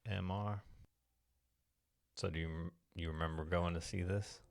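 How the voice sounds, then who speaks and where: A man's voice: low voice, steady tone, a little slow, gravelly, no echo. A man co-hosting a movie podcast in casual chat, dry and probing. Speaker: podcast co-host.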